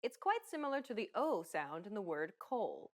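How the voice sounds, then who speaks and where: A woman narrating a scripted pronunciation lesson in a clear, upbeat, explanatory way. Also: medium pitch, very animated, normal speed. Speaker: pronunciation instructor.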